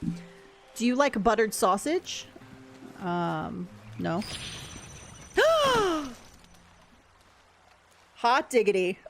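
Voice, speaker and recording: A woman's voice: medium pitch, lively intonation, takes it slowly, gravelly, pauses often, faint music behind. An American woman talks her way through a game livestream in a loose, chatty voice. She answers chat as she plays and keeps up an easy running commentary on the game. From United States. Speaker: game streamer.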